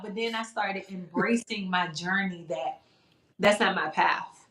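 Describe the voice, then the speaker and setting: A woman guest on a live interview, telling her story in a candid, animated way. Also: a little high, a little slow, roomy sound. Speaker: interview guest, talk show host.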